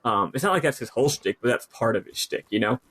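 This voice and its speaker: A man's voice: medium pitch, fast talker, breathy edge, no echo. Rambling man with a dry, close sound. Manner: rambling, many fillers and restarts, animated. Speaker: podcast co-host. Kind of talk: casual chat about a TV show.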